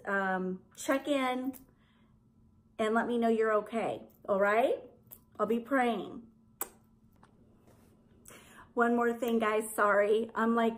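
A middle-aged woman, chatting to camera in a gushing, rambling way about home decorating. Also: fairly high pitch. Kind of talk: casual chat to camera.

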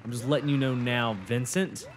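A man's voice: medium pitch, steady tone, moderate pace, noisy background. A young man commentating his own gameplay, swearing, boasting and getting frustrated as he talks to a friend. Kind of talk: swearing let's-play commentary.

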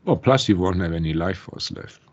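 A man's voice: low-pitched, expressive, a little fast, lo-fi sound, noisy background. A man hosting a channeling session, asking questions in an easygoing way. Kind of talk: casual interview.

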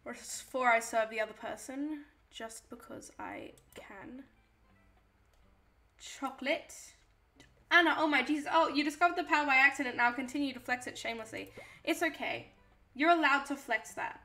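A woman's voice: high-pitched, moderate pace, pushed and bright, soft background music. A young woman streaming a game, chatting casually to herself and reading chat aloud. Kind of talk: casual live-stream chatter while playing a cooking game.

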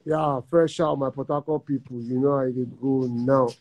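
A man's voice: mid-range voice, steady tone, normal speed, dry recording, muffled recording. A man from Nigeria with a Nigerian Pidgin accent, freestyle rapping on a live stream in a playful, half-sung, boasting flow. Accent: Nigerian Pidgin English. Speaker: rapper. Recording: loud music behind the voice.

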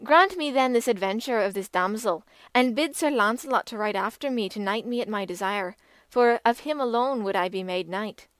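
A woman reading an audiobook, voicing a humble young knight who answers calmly and resolutely. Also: fairly high pitch, moderate pace, no room sound, close to an everyday voice. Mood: steadfast. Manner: calm and resolute.

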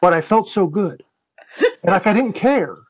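A man from the United States tells a story on a podcast, his slightly high voice swinging widely up and down as he acts out his own lines. He swears freely and keeps the tale rolling. The sound is dry and close. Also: a little slow, no echo. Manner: profane, animated, acts out his own quotes. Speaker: guest, Navy veteran.

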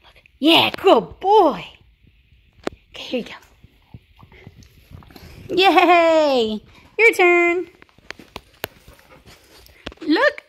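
A woman's voice: very high-pitched, sing-song, very slow, long pauses. A woman, filming a casual vlog as a pet sitter and talking to dogs in sing-song baby talk.

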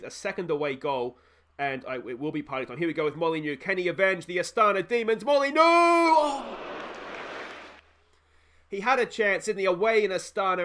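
A man with an Australian accent, hosting a football management game let's play, cheering and groaning along with the match and breaking into excited shouts. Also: on the high side. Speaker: gaming video host.

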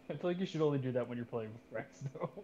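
A man chatting casually as a teammate over voice chat, laid-back and quick to laugh. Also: medium pitch, dark tone, muffled recording, a little hiss or hum.

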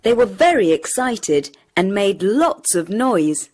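A woman narrating a children's story in a slow, clear and expressive way. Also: medium pitch.

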